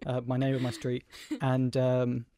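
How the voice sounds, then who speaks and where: A young man co-hosting a casual podcast, jokey, with quick interjections. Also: mid-range voice, monotone, dark tone, no room sound, clean studio sound. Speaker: podcast co-host. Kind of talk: casual chat.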